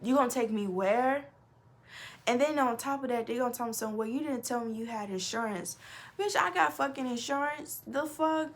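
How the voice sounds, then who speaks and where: A young adult woman telling a storytime on her vlog, animated and profane, swinging between loud outbursts and low mutters. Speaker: vlogger. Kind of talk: casual storytime.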